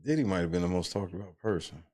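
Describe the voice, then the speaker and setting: A man on a live stream tears into news clips, his remarks loud, derisive, heavy with swearing and slang. He talks fast in a low-sitting voice with lively intonation.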